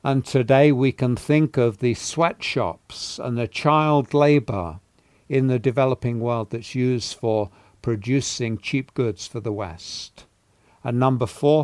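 A man giving a sermon, teaching through a Bible passage in a measured way with pauses and fillers, rising to emphasis on key words. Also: mid-range voice, a little mellow, no room sound, studio quality. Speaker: preacher teaching on a Bible letter.

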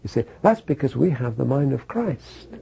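A man's voice: medium pitch, very animated, moderate pace, gravelly, dark tone, husky, poor audio. A man preaching a sermon, repeating phrases for emphasis and asking his listeners questions.

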